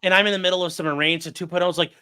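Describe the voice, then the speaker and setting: A male guest with a high, bright voice telling animated stories and swearing freely. The recording is dry and close. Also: very fast, smooth, dry recording. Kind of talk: casual chat.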